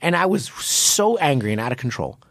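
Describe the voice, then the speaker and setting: A man with a gravelly, fry-tinged voice talks on a podcast, recorded close and dry. He tells stories animatedly, stumbling and restarting as he goes. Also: medium pitch, normal speed, no echo. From United States. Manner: animated storytelling with many restarts and fillers. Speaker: podcast host. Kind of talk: casual podcast chat.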